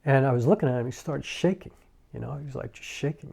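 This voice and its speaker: A man's voice: medium pitch, creaky, dark tone, slightly rough. Reflective middle-aged man telling a story. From New York. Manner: halting and reflective, many pauses and fillers. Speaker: filmmaker and YouTuber. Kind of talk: casual personal storytelling to camera.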